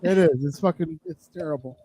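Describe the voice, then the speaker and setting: A man's voice: fairly high pitch, fairly quick, dark tone, slightly rough, no room sound, rough recording. A man hosting a live radio stream, chatting casually and joking over a video call. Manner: loose, joking, swears casually. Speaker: radio show host.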